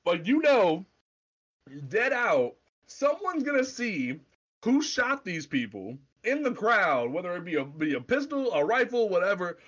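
Animated, stammering man on a lo-fi mic. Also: sits high. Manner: animated, swearing, stammering restarts. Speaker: podcast co-host. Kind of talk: casual comic book discussion.

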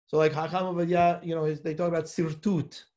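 High-voiced rabbi teaching a class. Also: male voice, little pitch movement, quick pace, a little mellow. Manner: reads Hebrew texts aloud and explains, asking students questions. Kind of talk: live Torah class lecture. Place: study hall with students present.

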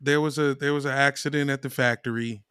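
A man's voice: mid-range voice, steady tone, fast talker, pushed and bright, smooth, no room sound, clean studio sound. A man hosting a casual podcast, laid-back and joking. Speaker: podcast co-host. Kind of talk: casual chat.

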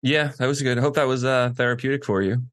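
A man co-hosting a casual hockey podcast, replying in a calm, dry, teasing way. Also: mid-range voice, fast, dry recording. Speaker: podcast co-host.

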